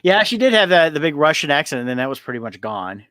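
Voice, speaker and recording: A man's voice: on the high side, big pitch swings, fast talker, a bit bright, no echo. A man co-hosting a casual talk show, rambling with many fillers and repeated words. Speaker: podcast co-host. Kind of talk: casual chat.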